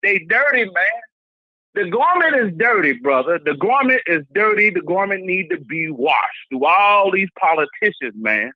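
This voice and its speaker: A high-pitched man calling in to a talk show. He speaks passionately, repeating his points as if preaching. His voice comes through a dull, lo-fi phone line with little room sound. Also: big pitch swings, normal speed, dry recording. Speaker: caller. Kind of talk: casual call-in rant.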